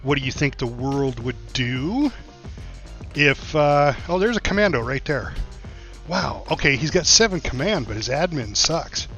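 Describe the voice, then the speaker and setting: A man's voice: medium pitch, expressive, measured pace, a bit bright. A man casually commenting on a strategy game as he plays, thinking aloud with many fillers. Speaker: gameplay streamer. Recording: slightly dull lo-fi mic with faint music.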